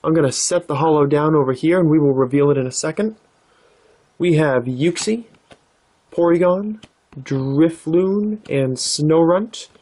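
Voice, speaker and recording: Relaxed man hosting a card-opening vlog. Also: on the high side, unhurried. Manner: relaxed, thoughtful, with many fillers. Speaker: card-opening channel host. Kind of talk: casual vlog narration.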